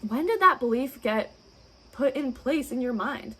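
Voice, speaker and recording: A woman speaking as a registered dietitian, her voice sitting a little high as she offers advice directly to the camera. She sounds encouraging and reassuring, and she keeps asking rhetorical questions. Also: lively intonation, unhurried, sharp tone, slightly rough, low-quality recording.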